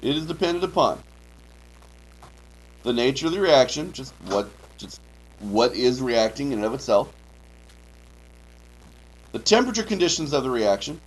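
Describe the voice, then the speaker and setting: A man's voice: mid-range voice, sing-song, normal speed, pauses often, breathy edge, low-quality recording. Man lecturing a chemistry class. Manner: drills key terms, frequent "okay" checks; dry joking asides. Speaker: high school chemistry teacher.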